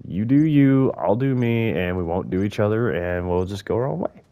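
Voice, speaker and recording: Young man, gameplay commentary, swears a lot, jokey, lowish voice. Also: normal speed, phone-quality sound. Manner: profane, jokey, talks to the creatures on screen. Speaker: gaming YouTuber.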